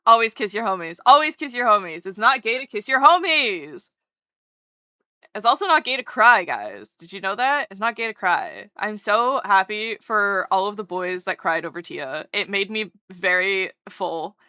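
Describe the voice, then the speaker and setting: A woman's voice: mid-range voice, sing-song, unhurried, sharp tone, smooth, no room sound, clean studio sound. A woman streamer chatting casually while drawing, gushing and rambling as she interrupts herself.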